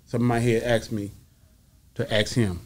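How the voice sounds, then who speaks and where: A man's voice: mid-range voice, brisk. A male comedian telling a story as a talk-show guest in a casual, profane way, acting out each voice in it. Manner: animated, acts out every voice in his story.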